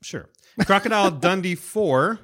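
Playful, animated man chatting. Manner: playful, jokey, with lively pitch and quick laughs. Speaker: podcast co-host. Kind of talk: casual chat.

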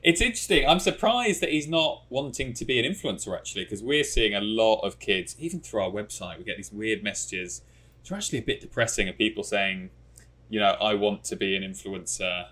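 Co-host from England, lowish pitch, crisp bright tone, quick quips. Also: male voice, animated. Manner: quick, teasing interjections. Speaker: podcast co-host. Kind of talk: casual interview chat.

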